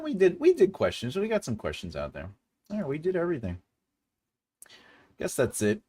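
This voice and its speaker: Jokey man in his forties, lively pitch. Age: 40s. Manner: rambling and jokey, laughs often. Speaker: livestream host. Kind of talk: casual chat with live chat.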